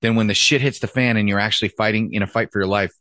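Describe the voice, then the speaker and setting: A man's voice: lowish voice, steady tone, fast talker, bright, forceful tone, dry recording. A man who is a former police officer, hosting a casual podcast and talking bluntly with plenty of profanity.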